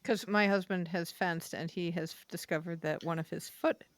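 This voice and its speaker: Brief: female podcast co-host, lowish voice, dry close sound, easy questions. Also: fairly even intonation, normal speed, dry recording. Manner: conversational, asks questions. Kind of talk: casual interview chat.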